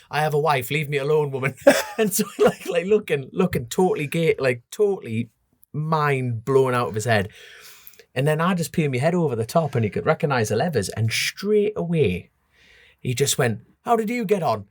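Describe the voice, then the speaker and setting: A man's voice: medium pitch, no room sound. A man from the North East of England with a North East English accent, a motorbike road racer telling stories in a casual podcast chat and acting out other people's voices as he goes. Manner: lively storyteller who acts out other people's voices.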